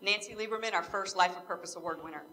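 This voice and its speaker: A woman presenting an award with a measured, earnest introduction. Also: mid-range voice, heavy background noise.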